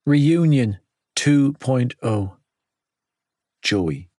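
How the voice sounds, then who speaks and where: Male audiobook narrator, first person, measured delivery, dry close recording. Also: medium pitch, lively intonation, mellow, no echo.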